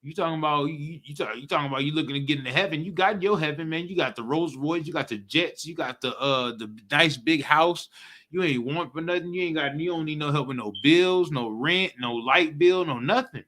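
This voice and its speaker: A young man leads a streamed scripture class in animated slang, talking straight to his listeners. His voice sits high and sounds bright and edged. He keeps checking in with "you feel me". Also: fairly quick. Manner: animated, street slang, repeats "you know what I'm talking about". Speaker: teacher leading a live-streamed scripture class. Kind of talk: casual slangy preaching commentary.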